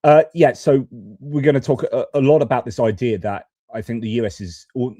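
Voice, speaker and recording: A man's voice: medium pitch, steady tone, normal speed, dark tone, no echo. A man hosting a geopolitics live stream from his home studio, talking in a chatty, opinionated way with frequent fillers.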